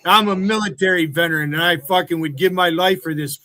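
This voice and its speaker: A livestream host, a man with a high-pitched, slightly fast voice, rants angrily at his chat. He swears heavily, taunts his viewers, and breaks into loud outbursts.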